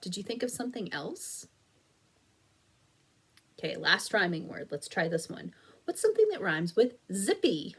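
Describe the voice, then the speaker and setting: A woman's voice: medium pitch, very animated, moderate pace, long pauses, husky. A woman teaching an early reading lesson for young children, patient and encouraging, sounding out and stretching words carefully. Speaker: elementary school teacher. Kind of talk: slow, clear phonics lesson video for children.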